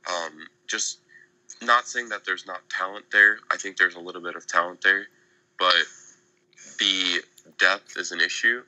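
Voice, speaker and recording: A young man giving casual, measured analysis on a podcast, with plenty of fillers. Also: low voice, fairly even intonation, pushed and bright, no room sound, low-quality recording. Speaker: guest analyst.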